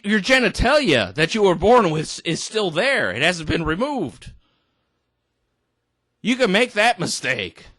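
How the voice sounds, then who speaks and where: A tipsy man in an exasperated rant, his voice sitting high and swinging widely in pitch. He talks slowly and stumbles into restarts, recorded close in a dry room. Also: sharp tone, no echo. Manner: indignant, exasperated, halting restarts. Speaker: vlogger. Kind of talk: ranting commentary.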